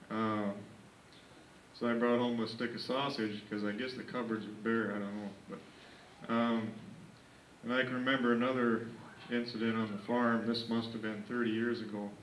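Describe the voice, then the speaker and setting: A man's voice: mid-range voice, flat delivery, normal speed, fairly bright tone. A man in his thirties telling rambling, folksy family stories in a casual party speech. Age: 30s. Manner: folksy, rambling storytelling with fillers. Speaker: grandson giving a party speech. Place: indoor family birthday party. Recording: echoey room, distant camcorder mic, faint hiss.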